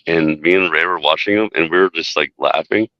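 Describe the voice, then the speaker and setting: Deep-voiced man rambling in casual chat. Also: brisk, pushed and bright, no echo, muffled recording. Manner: rambling storyteller, says "dude" and "like" a lot.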